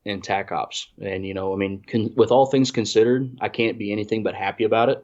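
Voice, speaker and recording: Low-voiced man, rambling story. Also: steady tone, a little fast, darkish tone. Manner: rambling, self-deprecating, many restarts. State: congested. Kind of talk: casual storytelling. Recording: dull lo-fi audio.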